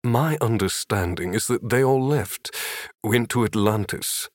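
A man voicing a dry, grumpy male wizard who talks with a low growl. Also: measured pace, dry recording, natural voice.

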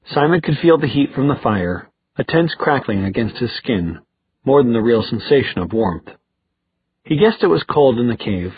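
A man reads a fantasy story aloud in a steady voice. His voice is very husky and breathy, and the sound is dull and dry. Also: medium pitch, dry recording. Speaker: audiobook narrator. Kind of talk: scripted narration.

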